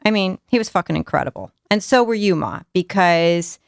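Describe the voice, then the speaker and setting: Female podcast host, low and smooth, emphatic and candid, dry sound. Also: lively intonation, a little fast, no room sound. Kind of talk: casual interview conversation.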